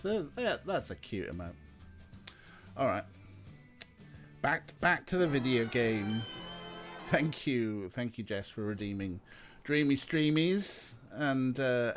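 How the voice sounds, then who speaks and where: Brief: unhurried male streamer, chatty and rambling, light music behind. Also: medium pitch. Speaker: let's play streamer. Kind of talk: casual gameplay commentary.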